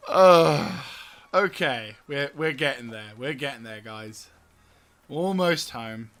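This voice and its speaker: A man's voice: mid-range voice, bright, forceful tone. A man giving casual gameplay commentary, giggly and exasperated, swearing often. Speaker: gaming video host.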